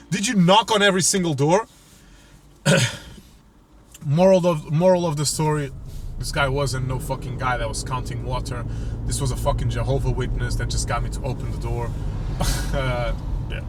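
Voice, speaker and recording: A man's voice: medium pitch, heavy background noise. A young man telling a rambling, profane, exasperated story on a comedy podcast. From Portugal. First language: Portuguese. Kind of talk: casual storytelling rant.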